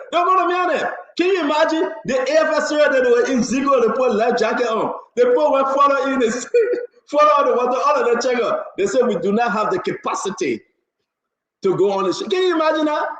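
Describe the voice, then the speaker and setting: High-voiced Liberian man, emphatic talk. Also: fast talker, fairly bright tone, reverberant, lo-fi sound. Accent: Liberian English. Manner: emphatic, laughing, rhetorical questions. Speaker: co-host. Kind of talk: casual radio talk show banter.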